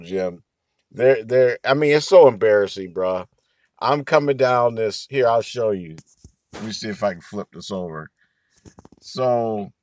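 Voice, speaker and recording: A man's voice: medium pitch, dry recording, studio quality. Slangy, profane man telling a story. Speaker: vlogger. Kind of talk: casual storytelling vlog.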